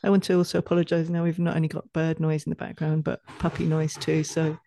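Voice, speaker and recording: A woman's voice: low-pitched, monotone, quick pace, dark tone, slight background noise. A woman hosting a podcast, encouraging and effusive, with frequent laughs in casual interview chat. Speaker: podcast host.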